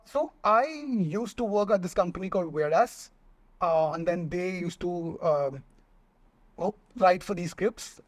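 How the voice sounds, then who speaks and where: A man with an Indian accent, a screenwriter guest telling animated stories in a casual interview and acting out what people said. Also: high voice, unhurried, no room sound. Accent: Indian English. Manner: animated storytelling, acting out quotes, laughs often.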